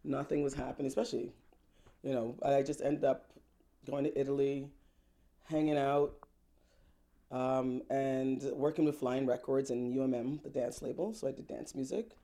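An animated woman recounts her path as a singer, her voice jumping with laughter and playful acted-out quotes. She talks in a casual, unscripted interview manner. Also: rumbling low, normal speed. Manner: lively, laughs often, acts out quotes. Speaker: singer-songwriter guest. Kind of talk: animated personal storytelling.

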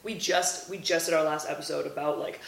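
Woman podcast host, fairly low voice, friendly questions, echoey room. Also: fairly even intonation, fairly quick, creaky. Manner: friendly questioner, many filler "like"s. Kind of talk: casual interview chat. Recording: roomy echo.

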